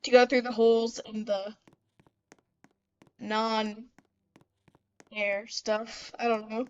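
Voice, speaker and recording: A woman's voice: a little high, level tone, takes it slowly, clear, resonant tone, highs cut off. A woman giving let's-play commentary, chatty and talking back to the game characters as she plays. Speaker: gamer.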